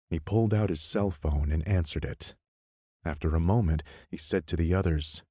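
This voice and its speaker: A man reading a horror audiobook as narrator, measured and expressive. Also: rumbling low, husky, no room sound, clean studio sound. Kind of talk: scripted narration.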